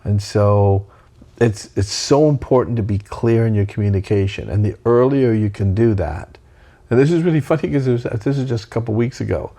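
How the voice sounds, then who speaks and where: An older man, a trauma expert, talking in a relaxed interview and acting out quoted lines in lively voices. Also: on the low side, fairly quick. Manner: animated, acts out quoted voices. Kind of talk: conversational interview.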